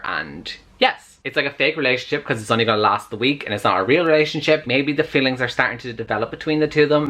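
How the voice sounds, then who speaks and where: A young man chats excitedly to camera from his reading nook at home, his voice bright and crisp. He speaks loosely, full of fillers, in casual book-vlog style. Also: mid-range voice. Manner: chatty and excitable, lots of "like". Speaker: book vlogger.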